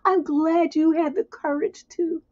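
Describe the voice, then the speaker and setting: A woman's voice: extremely high pitch, fairly even intonation, measured pace, darkish tone, pitched above the performer's own voice. A woman doing a gushing, sappy young boyfriend. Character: sweet relieved young boyfriend confessing love. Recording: dull muffled sound.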